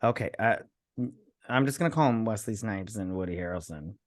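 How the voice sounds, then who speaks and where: A man's voice: fairly low pitch, brisk. Tipsy guy rambling thru a movie review, voice bouncing all over the place. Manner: rambling, animated storyteller with many restarts. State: tipsy from drinking. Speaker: podcast co-host. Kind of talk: casual movie review chat.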